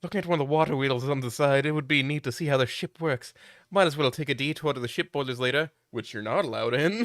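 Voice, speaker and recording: A man's voice: mid-range voice, quick pace, fairly bright tone, dry recording. Young man streaming a game, dry sound. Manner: joking, swears, chats with viewers. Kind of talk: live game playthrough, reading aloud.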